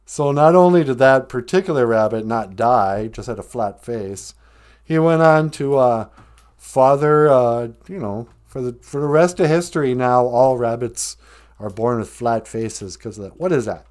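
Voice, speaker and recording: This podcast storyteller speaks at medium pitch with a measured pace and a slightly mellow quality. He retells a traditional tale casually, chatting along and tossing in jokes as he goes.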